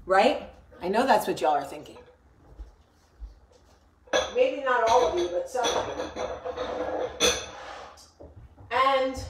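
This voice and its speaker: A woman talks straight to camera in a rambling, blunt way, dropping swear words as she goes. Her voice sits fairly high. The room is echoey, with faint clinks of dishes behind her. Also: lively intonation, measured pace, fairly bright tone, slight background noise. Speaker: vlogger, show host. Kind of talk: casual chat to camera.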